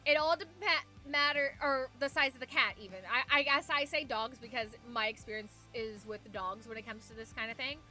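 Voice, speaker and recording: A woman's voice: sits high, moderate pace, hardly any pauses, pushed and bright. A young woman streaming from home, chatting casually and rambling as she reads viewer messages aloud, with faint music behind her. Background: faint background music.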